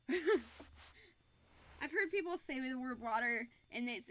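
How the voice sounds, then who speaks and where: A young woman with a Michigan accent chats through a live crafting stream, laughing easily between thoughts. Her voice sits high and rings bright. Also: slow, pauses often, a little hiss or hum. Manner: giggly, chatty, laughs often. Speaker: fursuit maker and streamer. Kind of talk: casual live-stream chat while crafting.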